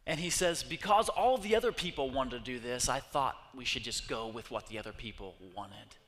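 A man preaching a sermon, telling scripture stories with lively acted-out voices. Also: medium pitch, normal speed, long reverb tail. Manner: animated storytelling, acting out voices of God and people. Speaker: pastor. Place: church sanctuary.

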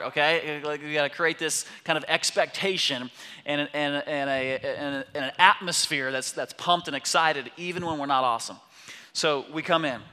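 Animated pastor preaching in a big hall. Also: male voice, on the high side. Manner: animated, swings between loud and hushed. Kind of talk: sermon with storytelling. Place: church sanctuary. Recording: long reverb of a large hall.

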